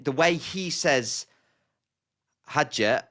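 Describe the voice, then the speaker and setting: A man's voice: medium pitch, expressive, fairly quick, a bit bright. A man with an East Midlands English accent hosting a podcast, chatty and self-deprecating, often stumbling over words. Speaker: podcast host. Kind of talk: casual podcast chat and ad read.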